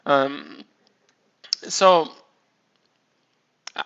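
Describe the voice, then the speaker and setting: A man's voice: a little high, extremely slow, fairly bright tone, clean tone, dull audio. A man casually chatting on his live stream, rambling and swearing, often restarting his sentences. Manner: rambling, profane, self-mocking, many restarts.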